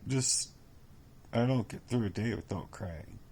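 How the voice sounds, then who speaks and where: This vlogger, a man with a fairly low, darkish voice, rambles through a personal monologue against a slight hiss or hum. Worn down and exhausted, he's bitter and sarcastic, swearing frequently, and his halting phrasing keeps circling back to the same points.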